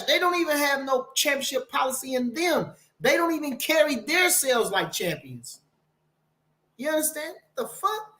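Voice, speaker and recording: A man with a high-set voice talks boxing on his own live stream. He rambles, swears freely and presses his points hard, stopping now and then to read viewer comments aloud. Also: lively intonation, normal speed, bright, forceful tone. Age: older. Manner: swearing, rambling, emphatic, reads chat aloud. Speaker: boxing channel host.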